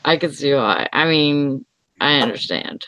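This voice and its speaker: A woman making hesitant, halting remarks in casual chat. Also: low-pitched, expressive, background noise.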